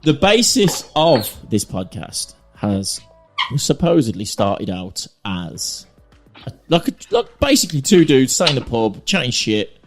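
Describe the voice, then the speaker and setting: A man's voice: medium pitch, very animated, a little slow, faint music behind. Easygoing teasing podcast host man. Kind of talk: casual chat.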